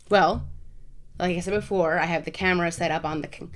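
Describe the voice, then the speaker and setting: A woman's voice: on the low side, fairly even intonation, brisk, faint music behind. A woman vlogger answering viewer questions in a casual, frank way, often repeating words for emphasis. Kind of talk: casual Q&A to camera.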